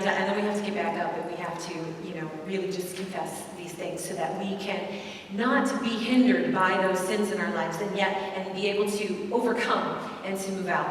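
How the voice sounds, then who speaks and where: A woman giving a lively, self-mocking storytelling talk to an audience in a large hall. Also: medium pitch, slight background noise. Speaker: speaker at a faith event. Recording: echoey hall, mic at a distance.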